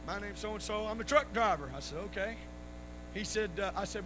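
A man preaching at a revival, telling stories and rising into shouted praise. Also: high voice, moderate pace. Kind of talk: sermon with stories. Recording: live church recording with noise and hum.

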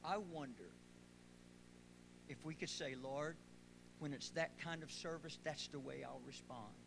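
A pastor preaches to his church in a high voice, starting quiet and conversational before rising to loud, shouted praise. The recording is noisy, with a steady hum behind him. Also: unhurried, creaky. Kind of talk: sermon. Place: church sanctuary.

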